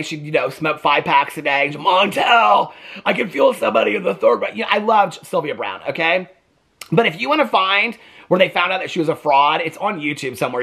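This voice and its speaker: A reaction vlogger with a slightly high, sharp-toned voice gives casual, chatty commentary on his vlog. He often asks "okay?" and acts out quotes in put-on voices.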